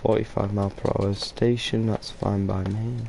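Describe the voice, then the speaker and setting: A man's voice: on the low side, flat delivery, normal speed, creaky, mellow, a little hiss or hum. A man giving casual, rambling commentary while playing a game, drowsy and yawning now and then. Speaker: gameplay streamer.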